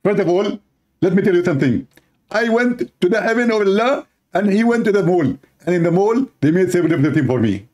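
A man voicing a pompous husband bragging about his makeover, in a raised, rapid voice. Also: high-pitched, lively intonation, a little mellow, voice pushed up. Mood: boastful. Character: boastful husband back from a makeover.

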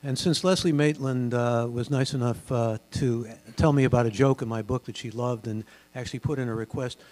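An older man with a booming broadcaster voice, giving a genial, chatty talk as a guest speaker in a large synagogue hall, with many fillers. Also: fairly even intonation, a little fast, darkish tone. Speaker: guest speaker and radio host. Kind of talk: relaxed storytelling talk at a public event. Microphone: stage microphone.

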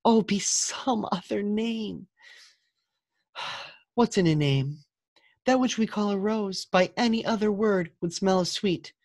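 A man voicing a lovesick young noblewoman in a high, sighing falsetto, drawing out his pleading lines. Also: slow, pauses often, a little mellow, dry recording, heavily acted. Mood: yearning.

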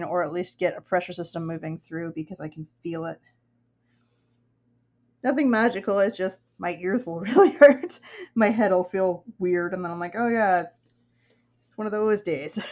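Streaming herself as she draws, this young artist from upstate New York, USA, rambles in easygoing chat and laughs a lot. She has a medium-pitched, darkish voice.

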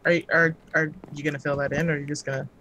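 A woman's voice: low voice, flat delivery, rapid-fire, a bit bright, slight background noise. Woman, casual gaming chat, sarcastic, teasing, faint keyboard typing behind. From United States. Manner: sarcastic, teasing, laughs often. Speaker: gamer.

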